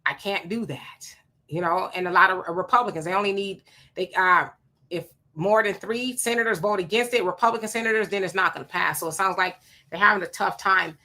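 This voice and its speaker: A woman's voice: medium pitch, a little fast, bright, forceful tone. A woman hosting a live stream, chatting casually and giving opinions as she reads viewer comments. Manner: chatty, opinionated, laughing asides. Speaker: livestream host.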